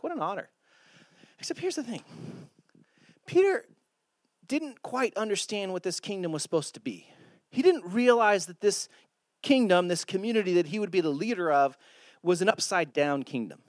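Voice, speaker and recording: Male pastor, animated sermon delivery, bright upper voice, big pitch swings. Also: brisk, no room sound, studio quality. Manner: animated, acts out quotes in voices.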